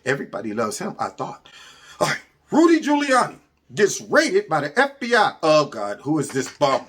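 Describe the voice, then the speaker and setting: A man hosting his own show, giving casual, mocking commentary on memes with frequent laughs and sudden high exclamations. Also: wildly swooping pitch, moderate pace, a bit bright, husky. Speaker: host of a commentary channel.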